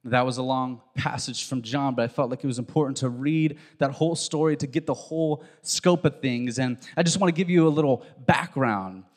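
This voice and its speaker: A man preaching a sermon, reading a long scripture passage aloud with lively storytelling and asides to the congregation. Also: medium pitch, brisk, hardly any pauses. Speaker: pastor. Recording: long hall reverb.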